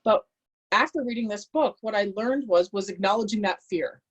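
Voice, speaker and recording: This is a woman from Canada speaking to an audience about her own experiences. Her delivery is animated and conversational, and she slips into different voices when she quotes people. Her pitch sits in the middle of the range. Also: normal speed, husky, lo-fi sound. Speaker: motivational speaker. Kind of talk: personal storytelling talk.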